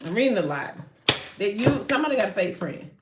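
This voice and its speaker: A woman giving a live tarot reading in an animated, slangy way, swearing and often breaking off mid-sentence. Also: mid-range voice, fast talker, reverberant, noisy background. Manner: animated, slangy, swears, frequent self-interruptions. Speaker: tarot card reader.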